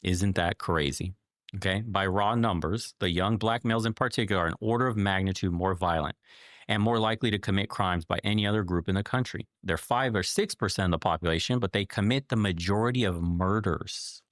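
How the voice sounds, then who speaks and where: A man's voice: sits low, brisk, a bit bright, no room sound, clean studio sound. Lecturing, sarcastic male commentator. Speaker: commentator in a played clip. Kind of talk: opinion commentary.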